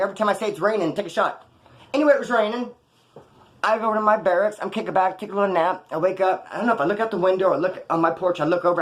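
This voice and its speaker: A man casually telling rambling, profane prison stories off the cuff, full of slang. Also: high-pitched. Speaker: storyteller recounting his prison past.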